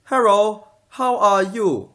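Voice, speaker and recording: A man putting on an exaggerated mock accent with clipped, broken grammar, drawn out slowly. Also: high-pitched, big pitch swings, a bit bright, voice pushed up, exaggerated voice.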